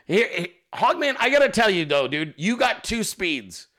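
Fairly high and sharp-edged with some tension, this male podcast host's voice swoops through a lively delivery. He's casual and jokey, swears freely, and laughs easily.

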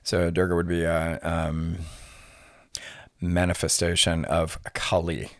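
A middle-aged man, a podcast guest, explaining things in an unhurried, lecturing way with many filler words. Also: deep voice, completely flat delivery, no room sound, studio quality. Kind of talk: conversational explaining.

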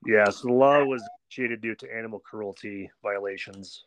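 A man's voice: on the low side, moderate pace, a bit bright. A man co-hosting a podcast, reading out odd facts in a laid-back, matter-of-fact way. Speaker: podcast co-host. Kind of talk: casual chat, reading out facts.

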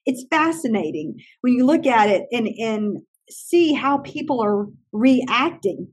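Husky-voiced woman telling animated stories. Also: on the high side, a little slow. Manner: animated, acts out other people's lines. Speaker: teacher trainer and classroom consultant. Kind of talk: conversational interview storytelling.

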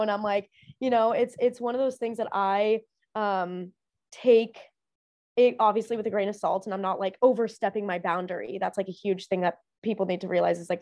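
A woman's voice: mid-range voice, darkish tone, no echo. Young woman, casual monologue, rambling with fillers, dry close sound. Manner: rambling, heavy use of "like" and fillers. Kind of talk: casual personal chat.

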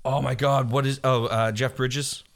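A man from the Boston area with a slight Boston accent, chatting loosely as a podcast co-host. His voice sits at a middle pitch, and he fills his sentences with ums and eager asides. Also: normal speed, vocal fry. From Boston area, USA. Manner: rambling, many ums, lively retelling. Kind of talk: casual chat.

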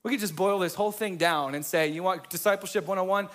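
Pumped-up pastor guy preaching, really high voice, chatty and fired up. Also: quick pace. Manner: energetic, conversational, asks the room "right?". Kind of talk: sermon.

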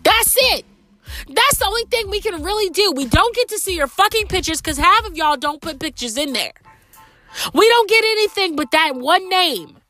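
A woman's voice: high-pitched, a bit bright. A young adult woman, a rideshare driver with a cold-stuffed nose, ranting and lecturing her viewers in a profane, emphatic way. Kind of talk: casual ranting vlog.

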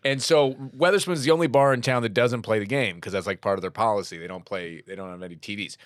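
A man telling a funny story in casual podcast chat, animated and laughing. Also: on the low side, fast talker, no echo, studio quality. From England.

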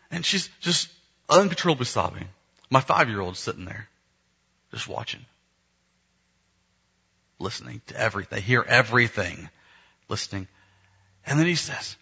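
Man in his thirties, pastor telling a family story in a sermon, bright husky voice, slightly muffled sound. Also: medium pitch, sing-song, normal speed, long pauses. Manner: earnest storytelling, acting out family dialogue.

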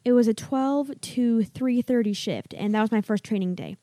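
A woman's voice: fairly high pitch, normal speed, mellow, no room sound. A young woman co-hosting a podcast, chatting casually in a giggly, rambling way. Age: young adult. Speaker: podcast co-host. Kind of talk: casual chat.

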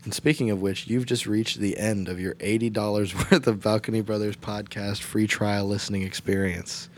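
A man's voice: lowish voice, fairly even intonation, normal speed. A man co-hosting a podcast in casual comedic banter, jokey and laughing often. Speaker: podcast co-host.

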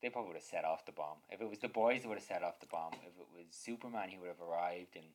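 A man's voice: low voice, very fast. A man co-hosting a podcast, chatting casually and chiming in with short agreements and asides. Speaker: podcast co-host. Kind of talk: casual chat.

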